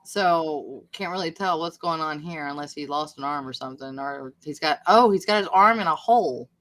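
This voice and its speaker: A woman hosts a casual live stream over video call. Her voice sits a touch low but sounds bright and forward. She reads notes aloud and breaks off to comment and curse casually. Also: moderate pace, low-quality recording. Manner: chatty, thinks aloud, swears casually. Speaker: host. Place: home video chat.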